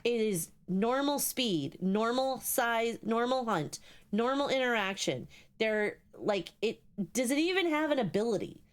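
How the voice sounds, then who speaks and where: A young woman streaming a ghost-hunting game live, talking to her chat in an excitable, swearing, chatty way. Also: fairly high pitch, a little slow, clean tone. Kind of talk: live gameplay commentary.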